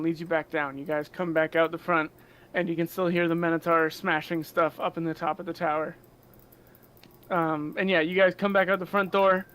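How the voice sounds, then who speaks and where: Chatty young game master, high clear voice. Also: male voice, a bit bright, poor audio. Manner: loose, chatty narration with fillers. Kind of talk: narrating a tabletop game.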